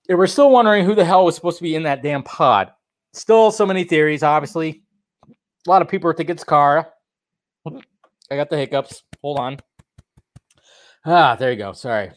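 A man hosting a casual solo movie-news vlog, rambling and excitable, swearing freely as he talks. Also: medium pitch. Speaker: online movie news host.

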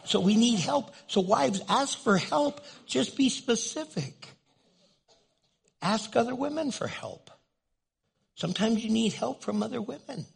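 Older male pastor, sermon, gravelly, slightly husky, humorous storytelling. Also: very high voice, animated, unhurried. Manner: humorous, playful storytelling preaching.

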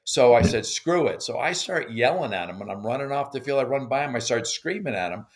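A man's voice: medium pitch, expressive, fairly quick. An older man, a baseball coach guesting on a podcast, telling stories in a rambling way with many restarts. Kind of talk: casual interview conversation.

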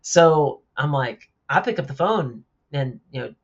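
A man who is a podcast guest and family coach, chatting casually and telling stories in an animated, joking way. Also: a little high, unhurried. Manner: animated storyteller, jokey. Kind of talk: casual chat. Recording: slightly dull lo-fi sound.

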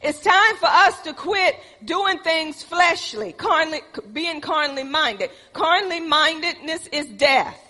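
High bright woman preaching in a reverberant hall. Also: expressive, measured pace, hardly any pauses. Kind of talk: sermon.

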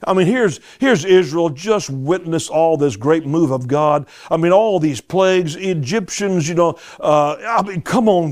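Emphatic preacher man, higher voice. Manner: emphatic, exhorting, with repeated interjections to the audience. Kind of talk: sermon with scripture reading.

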